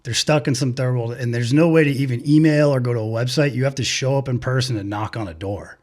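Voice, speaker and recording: A man's voice: mid-range voice, quick pace, a little mellow. A man co-hosting a podcast, telling stories in rambling, profane casual chat full of fillers. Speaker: podcast co-host.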